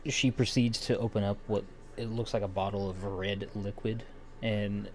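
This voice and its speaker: A man's voice: fairly low pitch, fairly even intonation, moderate pace, a little mellow, a little hiss or hum. Male game master, casual narration, loose and giggly. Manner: casual, filler-heavy, often laughing.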